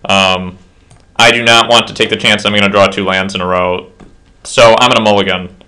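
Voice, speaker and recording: A man's voice: lowish voice, fairly even intonation, moderate pace, sharp tone. A slightly tipsy man casually commentating his own card game match at home, rambling with self-deprecating asides.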